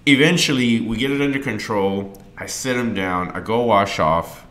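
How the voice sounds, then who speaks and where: Bright-voiced middle-aged man, earnest host. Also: mid-range voice, moderate pace. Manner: earnest and emotional, gets loud and animated when telling a story. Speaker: podcast host. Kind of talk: candid personal storytelling.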